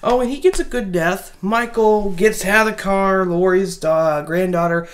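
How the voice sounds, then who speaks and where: A woman giving a casual spoken movie review, rambling and animated, with many restarts. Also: medium pitch, moderate pace.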